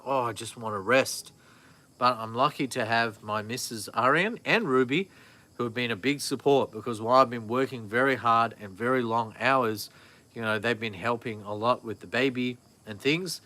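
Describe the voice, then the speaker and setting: A man's voice: medium pitch, bright, forceful tone. A man, chatting casually and rambling on a live vlog, often correcting himself. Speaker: vlogger. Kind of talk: casual live-stream chat.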